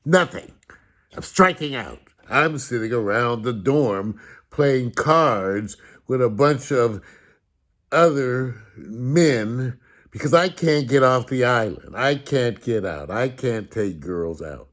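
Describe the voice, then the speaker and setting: A man telling humorous stories about his upbringing in a sarcastic, animated way, with casual swearing. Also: medium pitch, slow. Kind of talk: humorous storytelling talk.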